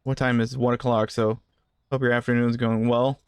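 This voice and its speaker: Smooth-voiced man joking through gameplay. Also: mid-range voice, normal speed. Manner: joking banter at game customers; relaxed, rambling asides. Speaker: gaming channel host. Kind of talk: casual gameplay commentary.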